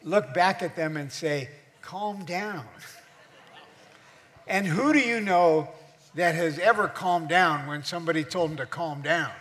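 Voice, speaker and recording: A man's voice: fairly high pitch, moderate pace, fairly bright tone. A middle-aged man preaching as a pastor, teaching his congregation and asking them questions. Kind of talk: sermon. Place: church hall. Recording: echoey church hall.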